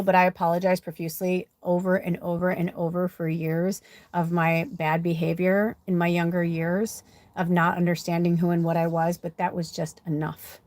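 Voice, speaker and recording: A woman's voice: fairly low pitch, no echo. A woman, a spiritual medium, giving a candid personal monologue during a card reading. She talks bluntly with plenty of swearing and fillers, and repeats phrases for emphasis. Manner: blunt and profane, with frequent "like" and "you know".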